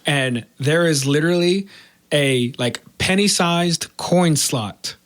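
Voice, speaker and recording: A man on a podcast tells a story in casual chat, his voice pitched a little high. He swears freely and switches into the voices of the people in the story. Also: takes it slowly. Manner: animated, swearing, acts out quoted voices. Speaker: podcast host.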